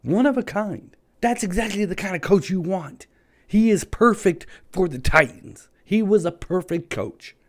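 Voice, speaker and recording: A man's voice: sits high, expressive, a little slow. A man delivering a passionate, frustrated solo opinion rant as a sports vlogger, hammering his points with repetition.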